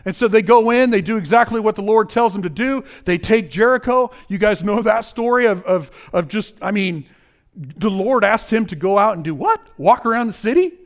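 A man's voice: high-pitched, normal speed. A man giving a conversational sermon, talking directly to the listeners as guys and often restarting his phrases. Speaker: preacher.

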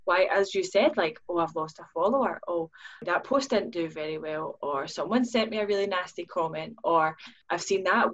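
A woman's voice: lowish voice, muffled recording. A woman, a business owner, speaking earnestly as a podcast guest and acting out her own inner questions in livelier voices. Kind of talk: podcast conversation.

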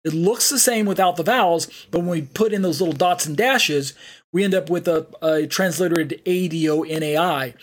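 A man teaching an online Bible study, explaining slowly and spelling words out letter by letter, with frequent fillers. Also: fairly high pitch.

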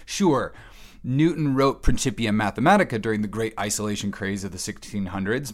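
Alone in an empty cabin, a man with a lowish voice delivers a rambling comic monologue, wry and self-mocking, now and then erupting into excited yelling.

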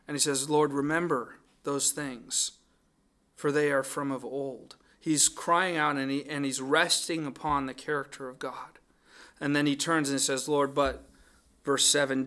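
A man's voice: a little high, sharp tone. A man preaching a sermon, earnest and thoughtful, often restarting his phrases as he works through a psalm. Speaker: pastor.

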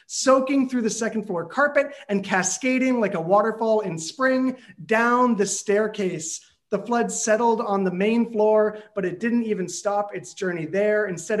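A man performing a comic personal story with lively, animated delivery. He builds the tension slowly and then bursts out in loud, shouted moments, playing his own panic for laughs. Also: high-pitched.

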